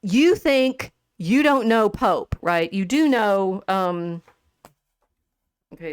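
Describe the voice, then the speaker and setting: A woman hosting a podcast in a casual discussion about literature. She talks in an animated way, laughs often and restarts her sentences. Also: medium pitch, takes it slowly, smooth, no echo, clean studio sound. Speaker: podcast host.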